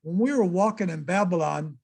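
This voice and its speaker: A man's voice: high-pitched, a little fast, creaky, a little mellow. An older man giving a casual, chatty slideshow talk and exclaiming to his audience as presenter. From United States.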